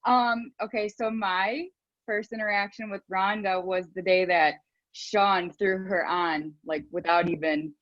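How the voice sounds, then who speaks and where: A woman's voice: mid-range voice, steady tone, unhurried, fairly bright tone, no room sound, lo-fi sound. A woman on a group video call, gushing about a friend in a casual, bubbly way and laughing often. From Cleveland area. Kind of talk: casual heartfelt tribute.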